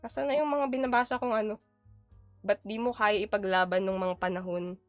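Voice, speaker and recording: A young Filipina with a Filipino accent cooks on a live stream, chatting casually, reading viewers' comments aloud, answering them, and switching between Tagalog and English. Her voice is medium-pitched, fairly even, and quick. The sound is dry and close with the highs cut off and faint background music.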